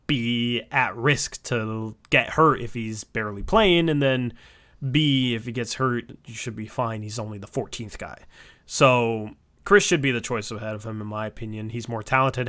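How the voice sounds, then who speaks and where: A man co-hosting a casual sports podcast, arguing his opinions at length with quick asides. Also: medium pitch, pushed and bright. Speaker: podcast co-host.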